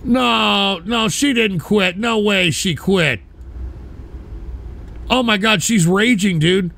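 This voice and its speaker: A man streaming live, reacting to clips with loud, profane outbursts. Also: high-pitched, slow pace, creaky.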